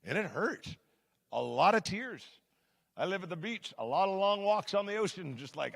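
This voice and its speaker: Gravelly, bright-voiced man preaching in a hall. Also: sits high, expressive, normal speed. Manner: conversational, emphatic, shifts between loud and hushed. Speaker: pastor. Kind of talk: sermon. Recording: long hall reverb.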